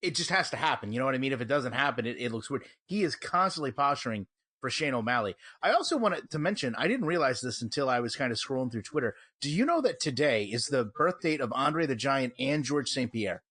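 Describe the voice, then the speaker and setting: A man's voice: mid-range voice, very animated, fairly quick, a bit bright, breathy edge, no echo, clean studio sound. A man co-hosting a casual sports podcast, talking with wry, teasing banter. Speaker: podcast co-host.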